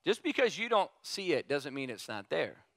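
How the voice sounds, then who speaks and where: A man in his thirties preaches a sermon through personal stories, chatty and keen to draw in the congregation with questions. His voice sits a little high and sounds bright and forceful. The sound is close and dry, with no room echo. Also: big pitch swings, normal speed. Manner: conversational, keeps asking the congregation questions.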